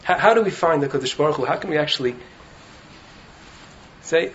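A man with a slightly raised voice gives a lively Torah talk to students in a study hall, often checking in with them. The recording is muffled and lo-fi, with faint noise underneath. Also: on the high side, fairly quick, long pauses. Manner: animated, keeps checking in with "right?". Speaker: rabbi teaching in a yeshiva.

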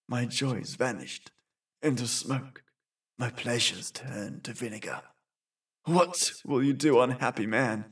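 A man's voice: mid-range voice, husky, far from the mic. A man playing a grief-stricken young prince who wails a long, theatrical lament in a storybook.

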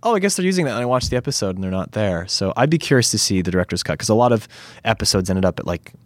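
An actor chatting as an interview guest, rambling and animated, often acting out quotes. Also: male voice, sits low, fast, dry recording. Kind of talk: casual interview chat.

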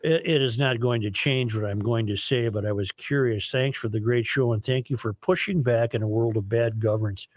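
A man's voice: mid-range voice, fairly even intonation, fairly quick, few pauses, no room sound. Dry-sounding male talk radio host. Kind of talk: talk radio, reading listener emails.

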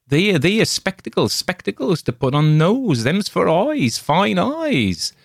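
A man voicing a repulsive old peddler of spectacles with a harsh, hoarse voice and a wheedling, sardonic manner. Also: sits high, very animated, slow, no room sound, clean studio sound, pitched above the performer's own voice, full character voice.

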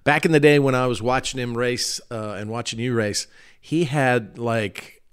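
A man's voice: medium pitch, moderate pace, smooth. A middle-aged man co-hosting a podcast, joking and teasing his partner in casual chat. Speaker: podcast co-host.

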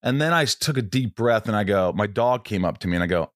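A male actor hosting a candid conversation, an animated storyteller who acts out what people said. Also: on the low side, fast, hardly any pauses, no room sound, studio quality. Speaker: actor host.

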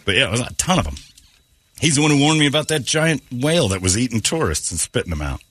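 A man hosting a morning radio show, telling jokey stories with loud put-on impressions. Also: mid-range voice, big pitch swings, fast talker, over a noisy crowd, heavy background noise. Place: radio studio.

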